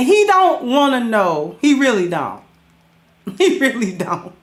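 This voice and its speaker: A woman with gives casual advice. She talks in a high, unhurried voice, laughs often and acts out little scenes. The room around her sounds echoey. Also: big pitch swings. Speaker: podcast host.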